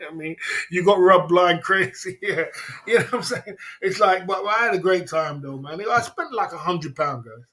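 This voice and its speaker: A man's voice: high-pitched, normal speed, pushed and bright, slight background noise. A man hosting a livestream, telling rambling stories between laughs in casual chat. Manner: reads viewer comments aloud. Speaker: livestream host.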